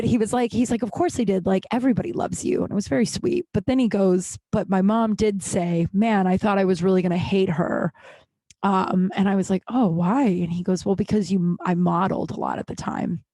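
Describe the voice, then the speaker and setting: A woman's voice: mid-range voice, brisk, dark tone, no room sound. A young adult woman hosting a casual solo podcast, telling rambling, candid stories full of fillers and laughs. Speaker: podcast host.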